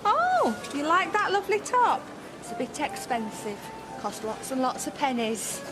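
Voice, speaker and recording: A woman's voice: high-pitched, big pitch swings, normal speed, music in the background. An actress playing a cheeky woman in a TV soap drama, with coaxing sing-song baby talk.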